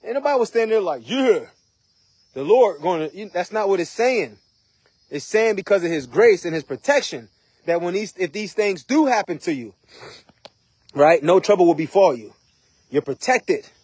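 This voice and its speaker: Man, preacher, informal sermon, conversational, rhetorical questions, husky voice, dry sound. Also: sits high, animated, normal speed, darkish tone, no room sound.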